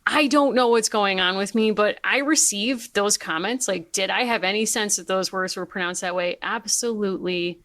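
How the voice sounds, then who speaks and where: A young woman co-hosting a podcast in a casual, animated chat, joking and poking fun at herself. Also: medium pitch, normal speed, few pauses. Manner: animated, joking and self-mocking. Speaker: podcast co-host.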